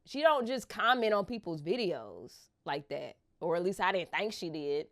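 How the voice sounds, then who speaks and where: Animated woman vlogger telling a story. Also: fairly low pitch, normal speed. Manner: addresses viewers as "y'all", animated, rising to excited squeals. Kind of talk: casual storytelling to camera.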